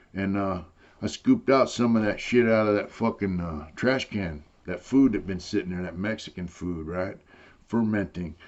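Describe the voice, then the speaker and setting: A man's voice: fairly low pitch, darkish tone, dull audio. An older man telling a long story in casual, rambling talk, swearing freely and saying "you know" again and again. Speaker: interviewee telling prison stories.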